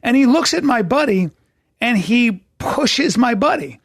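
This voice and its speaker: A comedian with a high voice tells his own story in a self-mocking, halting way on a podcast. The sound is close and dry, without room echo. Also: expressive. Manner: self-deprecating, halting restarts, laughing asides.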